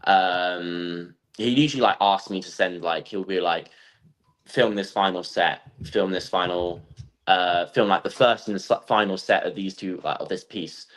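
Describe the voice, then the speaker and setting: Young guy, lowish voice, rambly fun storytelling, lots of um and like. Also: normal speed, rough recording. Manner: animated storytelling, acts out quotes; lots of fillers like um and like. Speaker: guest athlete. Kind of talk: casual podcast chat.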